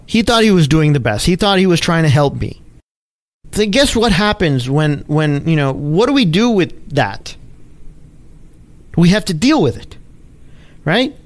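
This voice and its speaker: Man, podcast host, somewhat higher voice, lively and emphatic delivery, punchy storyteller. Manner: emphatic and animated, punchy exclamations. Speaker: podcast host, trading educator. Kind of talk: storytelling monologue.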